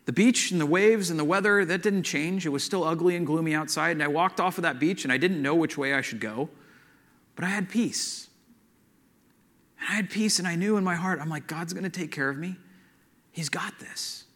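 A man preaching with a fairly high voice, sharing his own story in an earnest, chatty way. He leans into words with lively shifts of emphasis, the way a pastor talks to his congregation. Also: a little fast. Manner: earnest, conversational storytelling with animated swings in emphasis. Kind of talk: personal testimony in a sermon.

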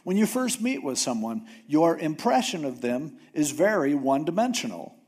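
A man's voice: a little high, big pitch swings, normal speed, a little mellow, husky. A man preaching a casual sermon in a conversational way, often acting out biblical figures. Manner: conversational, acts out Bible figures.

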